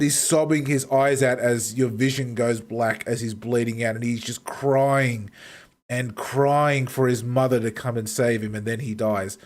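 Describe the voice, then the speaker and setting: A man's voice: medium pitch, steady tone, unhurried. A man hosting a stream and telling rambling, swear-filled gaming stories in casual chat. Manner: rambling storyteller, heavy swearing. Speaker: streamer host.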